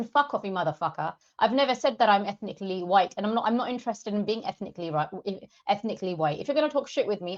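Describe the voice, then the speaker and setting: A woman's voice: mid-range voice, darkish tone. A woman, a parent of two, ranting angrily at her viewers on a livestream, heavily profane and addressing them directly. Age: adult parent of two. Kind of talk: angry livestream rant. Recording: slightly dull lo-fi stream audio.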